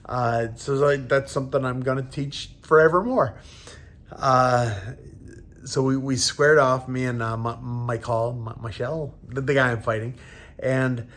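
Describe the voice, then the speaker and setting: Fighter in his thirties, halting storyteller who acts out dialogue, mid pitch. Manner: halting retelling, acting out quoted dialogue. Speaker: professional fighter. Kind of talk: casual storytelling.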